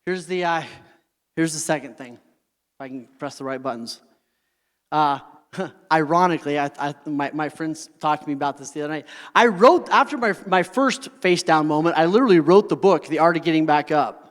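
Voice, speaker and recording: A man's voice: fairly high pitch, normal speed. A middle-aged man giving a heartfelt motivational talk to a live audience, sharing personal stories and often checking that listeners are with him. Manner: earnest, keeps checking in with the audience. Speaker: motivational speaker. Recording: long hall reverb.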